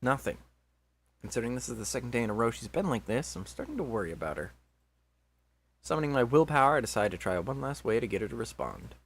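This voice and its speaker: A man reading a visual novel aloud as its narrator, expressive and chatty, breaking off into jokey asides. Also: mid-range voice, fast talker, husky. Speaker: visual novel reader, channel host.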